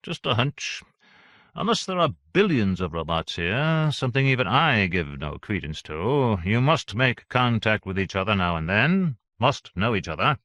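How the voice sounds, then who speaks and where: For an audiobook, a man uses a lowish, sing-song voice at normal speed to play a male official who is unctuous and volatile. The delivery is oily, pushy, and scheming, swinging into shouting, on a dry recording.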